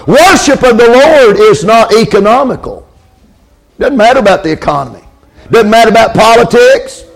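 A man's voice: very high-pitched, lively intonation, normal speed, creaky. A man preaching a sermon, calling for amens and repeating lines for emphasis.

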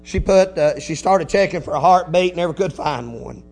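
A man's voice: high-pitched, normal speed, soft background music. Man preaching with rising fervor. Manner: builds from quiet storytelling to shouted preaching; folksy, punctuated with hallelujahs. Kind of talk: Pentecostal-style sermon.

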